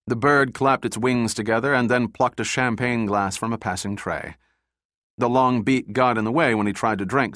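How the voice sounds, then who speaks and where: A man narrating an audiobook in a steady, measured scripted reading. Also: lowish voice, no room sound, studio quality.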